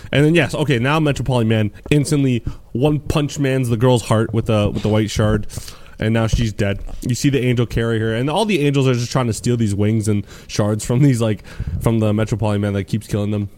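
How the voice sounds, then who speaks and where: A man's voice: medium pitch, steady tone, fairly quick, darkish tone, a little hiss or hum. A man co-hosting a casual anime podcast, rambling through an episode recap and swearing freely. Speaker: podcast co-host.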